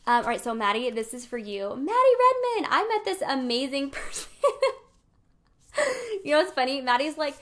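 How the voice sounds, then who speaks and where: A woman's voice: high voice, big pitch swings, normal speed, long pauses, a bit bright. A woman hosting a live weekly card pull, chatting and coaching her viewers in a bubbly, encouraging way and laughing often. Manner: encouraging, speaks directly to viewers. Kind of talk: live-streamed casual spiritual coaching.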